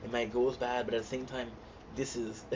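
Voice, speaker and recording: An excitable host gushes through a casual recap of a TV series episode, tripping over fillers and restarts in a medium-pitched, fairly quick voice. The lo-fi recording sounds dull and muffled, with steady hiss clearly audible behind him.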